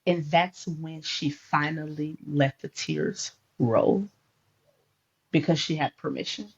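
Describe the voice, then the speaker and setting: A woman with a husky, breathy voice tells a faith story in a podcast conversation. She is animated and acts out the dialogue she recounts. The audio is dull and lo-fi. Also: low-pitched, takes it slowly.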